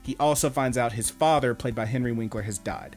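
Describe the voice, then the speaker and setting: A man co-hosting an anime podcast, telling stories in an animated, swearing, casual way. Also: medium pitch, brisk, faint music behind. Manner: animated storyteller, swears a lot. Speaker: podcast co-host. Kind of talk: casual chat.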